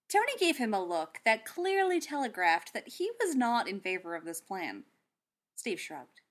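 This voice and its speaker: A woman narrating a piece of fan fiction aloud, with expressive storytelling. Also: fairly high pitch, moderate pace.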